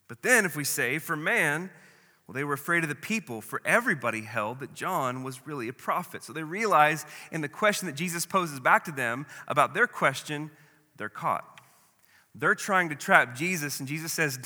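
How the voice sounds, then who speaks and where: A male pastor preaches with a bright, forceful voice that rings out through a long, reverberant hall. He is dramatic and slips into the voices of the people in his story. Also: fairly high pitch, lively intonation, moderate pace. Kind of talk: sermon.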